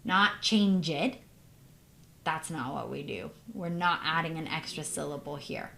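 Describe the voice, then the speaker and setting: A woman's voice: low voice, pushed and bright. A woman teaching English pronunciation, modeling word endings carefully and asking the learner questions. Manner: clear, careful, deliberate modeling of sounds. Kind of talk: recorded teaching lesson.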